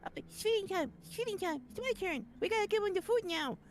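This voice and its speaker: A gaggle of frantic little creatures, pitched way up high and tumbling over each other in excitement. They sound like cartoonish game gremlins, eager and bossy. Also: male voice, brisk, a little hiss or hum. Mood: excited.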